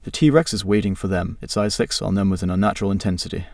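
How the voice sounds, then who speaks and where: A man reading a scripted adventure story in a steady, dramatic narration. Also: low voice, fast talker, no room sound. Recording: distant dry mic.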